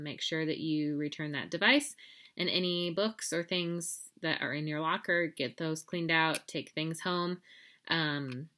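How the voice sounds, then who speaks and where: A woman teacher talking casually to her class, full of ums and reminders, before reading a storybook aloud. Her voice sits a little low yet sounds bright and forward. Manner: casual, many filler ums, friendly reminders. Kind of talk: class announcements and read-aloud.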